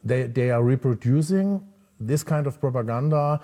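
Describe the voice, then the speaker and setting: A man's voice: medium pitch, expressive, moderate pace, mellow. A man with a German accent, a theatre director speaking earnestly and firmly in an interview.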